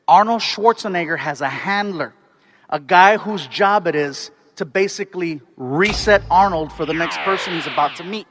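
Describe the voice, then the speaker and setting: A man performing stand-up comedy, telling a story in an animated way with bursts of excited shouting. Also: high-pitched, moderate pace, noisy background. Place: stage before a live audience.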